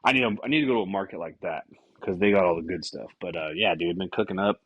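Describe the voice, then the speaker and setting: A man's voice: deep voice, fast talker, dull audio. A man hosting a solo podcast, rambling casually with frequent swearing and tangents. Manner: casual, profane, scattered and self-interrupting. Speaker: podcast host.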